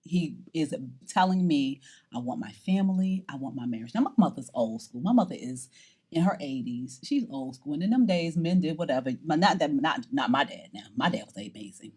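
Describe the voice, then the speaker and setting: Husky, animated middle-aged woman storyteller. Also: sits low, normal speed. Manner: animated, theatrical, acts out voices. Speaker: documentary interviewee. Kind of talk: personal storytelling to camera.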